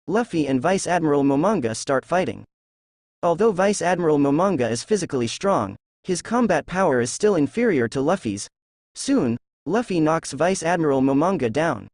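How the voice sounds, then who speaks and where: A man narrating a fan novel aloud in a steady reading voice. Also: on the high side, no echo, studio quality. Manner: steady reading, reads characters' lines in the same voice.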